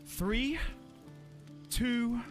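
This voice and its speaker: Excitable high-voiced woman streamer. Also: very slow. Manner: excitable, squealing and laughing a lot. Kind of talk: casual live-stream chat while playing. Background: music.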